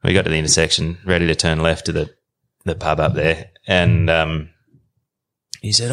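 A man, a podcast guest telling a long travel story in a relaxed, rambling way. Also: very deep voice, moderate pace, pauses often.

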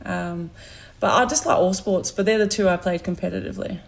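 A woman's voice: on the low side, steady tone, fairly quick, vocal fry. Australian woman, thirties, chatty storyteller, casual podcast talk. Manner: chatty storyteller who laughs while telling stories. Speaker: guest. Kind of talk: casual chat.

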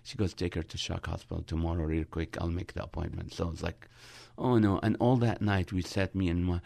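Male comedian guest, very low voice, dry close studio sound, animated storyteller. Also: brisk, creaky, no echo. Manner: animated storyteller, acting out dialogue. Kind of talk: storytelling with humor in a radio interview.

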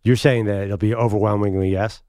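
A man's voice: fairly low pitch, flat delivery, warm tone, no echo, clean studio sound. Skeptical male sports radio co-host. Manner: skeptical, measured. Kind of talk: casual sports talk.

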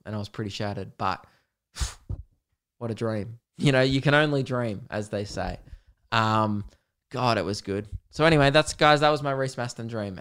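Young man, podcast host, casual rambling chat, swears a lot, clear smooth voice, mid pitch. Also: fairly bright tone. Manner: rambling, chatty storytelling with frequent fillers and swearing.

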